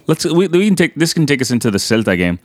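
A man in his thirties co-hosting a casual soccer chat, talking in an animated, rambling way with lots of fillers and restarts. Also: fairly high pitch, fast, no echo, studio quality. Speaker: podcast co-host.

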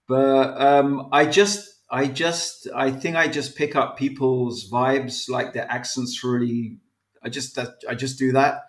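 A man's voice: mid-range voice, fairly even intonation, slow pace. An English man with a mixed, once-posh accent, a podcast guest who talks in a rambling, hesitant way. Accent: English, posh schooling mixed. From England. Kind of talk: casual interview chat. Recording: echoey room.

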